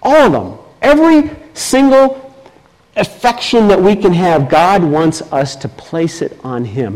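A man preaching a sermon as pastor, reading scripture aloud with emphatic delivery. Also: poor audio. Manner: slow, emphatic preaching with lively swings in pitch.

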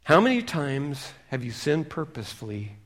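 A middle-aged man preaching a sermon, reading scripture with emphasis and dropping to hushed asides. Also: fairly high pitch, sing-song, moderate pace. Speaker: pastor.

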